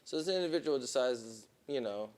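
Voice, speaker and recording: A man on a podcast telling a long story in casual, profane talk, with plenty of "boom" and "right?". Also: fairly quick, darkish tone. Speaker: podcast co-host.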